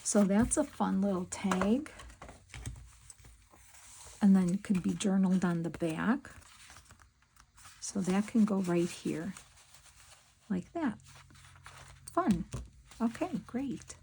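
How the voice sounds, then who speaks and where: Slow, gravelly-voiced woman crafting and chatting. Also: medium pitch, animated, slight background noise, low-quality recording. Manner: chatty, talks to herself while working, soft asides. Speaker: crafting vlogger. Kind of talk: casual crafting chat.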